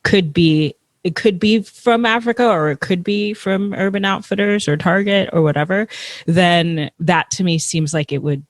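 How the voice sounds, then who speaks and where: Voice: medium pitch, dry recording. Thoughtful speaker, dry close sound. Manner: thoughtful, measured, with frequent restarts. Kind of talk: casual conversation.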